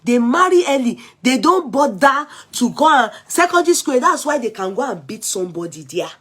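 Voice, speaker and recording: A middle-aged Nigerian woman hosts her vlog, her Yoruba accent strong as she slides between languages. Her voice sits fairly high and has a husky edge. She talks in an animated, exclaiming way. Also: fairly quick. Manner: animated, code-switching, exclaiming. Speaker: vlog host taking calls. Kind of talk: casual commentary monologue.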